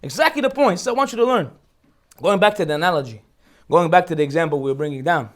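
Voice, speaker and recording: A man's voice: on the high side, quick pace. A man giving a humorous Torah lecture as a rabbi, telling stories and asking rhetorical questions. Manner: animated storytelling, rhetorical questions. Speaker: rabbi teaching a holiday class.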